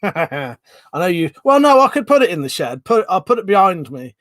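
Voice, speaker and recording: Guy on a live stream, kinda high voice, dry close sound, chatty with viewers. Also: very animated, moderate pace, no echo. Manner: chatty, greets viewers by name, loud greetings then mumbled asides. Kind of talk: casual live stream chat.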